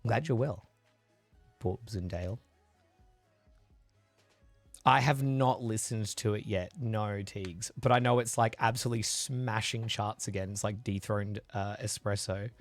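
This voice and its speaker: This livestreamer talks casually with his viewers, rambling as he reads and answers chat, still coughing at times from a chest infection. His voice is on the low side with fairly even intonation, a little slow with long pauses, on a dry recording with faint background music.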